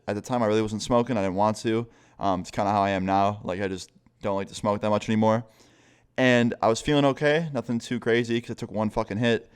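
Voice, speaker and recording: A man's voice: on the low side, clear, resonant tone. A young man telling a casual storytime vlog in a loose, profane way, laughing now and then. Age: young adult. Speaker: vlogger.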